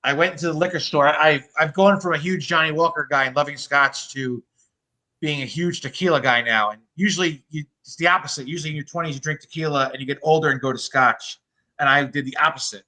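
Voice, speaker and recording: Podcast co-host, man, thirties, rambling and profane, bright and a bit high. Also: fast talker, poor audio. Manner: rambling storyteller, swears freely. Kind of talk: casual chat.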